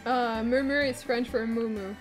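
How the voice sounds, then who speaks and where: A woman streamer giving live commentary as she plays, excitable, swearing and shrieking when things get fast. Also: on the high side, faint music behind. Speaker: gaming streamer.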